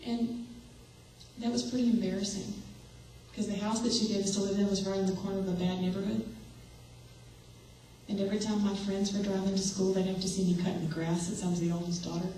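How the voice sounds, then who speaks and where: A woman's voice: mid-range voice, little pitch movement, a little fast, pauses often, dark tone, slight background noise. A young adult woman giving an earnest sermon to an audience, asking them direct questions. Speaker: speaker. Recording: echoey hall, voice from far off.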